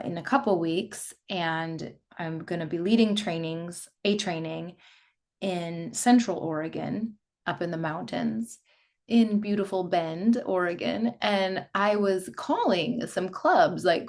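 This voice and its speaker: A woman in her thirties hosting a solo podcast for fitness instructors, chatty and emphatic, with frequent asides. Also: lowish voice. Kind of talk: casual solo podcast talk.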